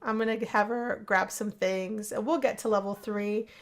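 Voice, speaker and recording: A woman giving chatty, excitable commentary as she plays a life-simulation game, gasping and gushing over what happens. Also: mid-range voice, normal speed. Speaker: gameplay narrator. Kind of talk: casual let's play commentary.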